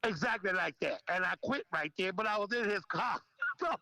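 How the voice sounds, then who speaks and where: Older man, lively storyteller voicing the people in his tales; bright tone, dry close sound. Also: high-pitched, normal speed, creaky, dry recording, rough recording. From Memphis, United States. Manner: animated storyteller, acts out quoted dialogue, laughs often. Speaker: interview guest, veteran club DJ. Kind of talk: storytelling in casual interview.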